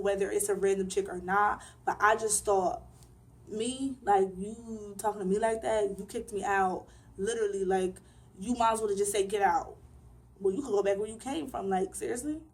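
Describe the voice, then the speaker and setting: A woman's voice: medium pitch, darkish tone. A young woman vlogger telling a personal story in a casual, emphatic way, full of slang.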